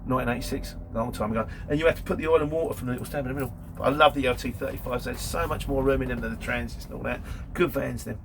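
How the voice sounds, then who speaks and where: A man's voice: mid-range voice, fairly even intonation, very fast, few pauses, noisy background. A man, chatting casually in a Q&A about work as a courier driver and telling anecdotes. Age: 50s. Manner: chatty storytelling, laughs between anecdotes. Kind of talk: casual Q&A monologue.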